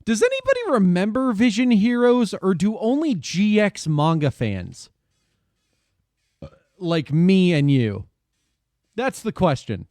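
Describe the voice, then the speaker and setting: A male streamer rambling casually to his chat, dropping swear words into animated complaints. His voice sits fairly high and swings widely in pitch. The sound is dry and close. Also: unhurried, no echo.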